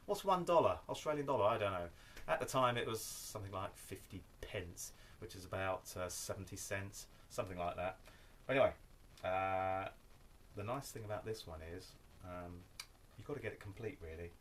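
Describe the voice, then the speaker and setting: A man with a fairly low voice chats loosely about his record collection. He rambles, drops wry self-deprecating asides and keeps checking in with "okay?". A faint hiss sits under the recording. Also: moderate pace, a bit bright. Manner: rambling, tags lines with "okay?". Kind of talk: casual show-and-tell vlog.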